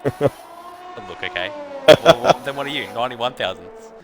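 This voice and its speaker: A man commentating a sim racing league in quick, dry, teasing banter. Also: mid-range voice, faint music behind.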